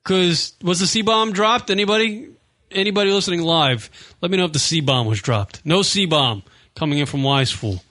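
High-pitched man, bright voice, radio co-host, mocking and profane. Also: normal speed. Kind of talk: casual radio banter.

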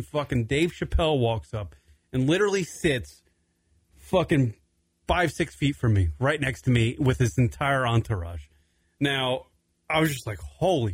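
A young adult man with a medium-pitched voice hosts a radio talk show, casually telling a long story. He is animated, swears often, and laughs through it, with no echo on the recording.

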